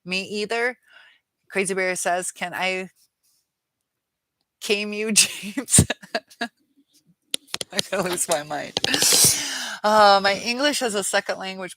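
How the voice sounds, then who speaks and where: A woman's voice: mid-range voice, measured pace, a bit bright, no echo. A woman hosting a live chat, reading viewer comments aloud and answering them frankly, with exasperation.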